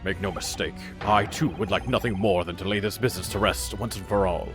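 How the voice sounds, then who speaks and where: A man voicing a stern older male judge with measured, formal pronouncements. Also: low voice, music in the background, pitched below the performer's own voice, natural voice.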